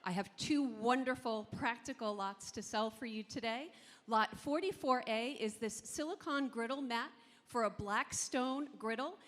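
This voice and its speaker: In a large convention hall with long reverb, a New Jersey woman competes as an auctioneer. She fires off rapid, rhythmic bid calls that climb in volume while pitching items to the crowd in a chant-style sales pitch.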